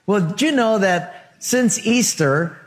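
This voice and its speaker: A male pastor delivers a sermon in a rhythmic, rhetorical cadence. His voice sits high, and he weaves in humorous storytelling. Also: lively intonation, slow, long reverb tail.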